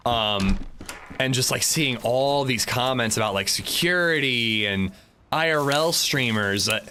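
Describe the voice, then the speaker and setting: Bright-voiced young man chatting on stream. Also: medium pitch, measured pace, slight background noise. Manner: chatty and rambling, frequent restarts and fillers. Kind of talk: casual gameplay livestream chat.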